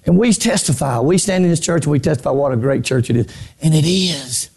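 A man preaching a sermon from a church pulpit. He repeats phrases and swings between shouted lines and hushed low ones. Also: expressive, brisk, creaky, breathy edge. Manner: repeats phrases, stammers on restarts. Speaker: pastor.

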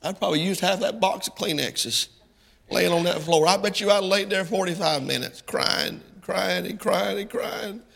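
Middle-aged male preacher, high and gravelly, bright-edged, folksy sermon that builds to impassioned peaks, long hall reverb. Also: normal speed.

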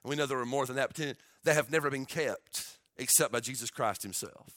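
A man preaching a sermon to his church, impassioned and building to loud exclamations of awe. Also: medium pitch, a little fast. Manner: impassioned, rising to shouts of awe. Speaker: pastor.

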